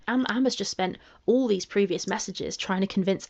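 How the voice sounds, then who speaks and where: A woman with a calming voice giving measured commentary, reading messages aloud and asking pointed rhetorical questions. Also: mid-range voice, highs cut off. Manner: analytical, emphatic rhetorical questions.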